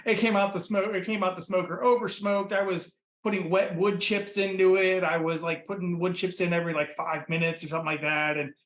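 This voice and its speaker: A man from Ohio, a podcast guest and pitmaster, telling his story in a relaxed, rambling way full of fillers. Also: high-pitched, a little fast, hardly any pauses, roomy sound. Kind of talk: casual interview storytelling. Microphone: computer mic.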